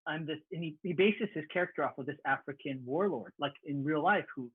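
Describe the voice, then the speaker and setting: A man telling stories in a relaxed stream chat, animated, often stumbling over his first words. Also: a little high, brisk, slightly rough, dry recording. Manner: animated storyteller, repeats words when starting. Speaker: panelist. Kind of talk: casual chat. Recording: tinny phone-like line.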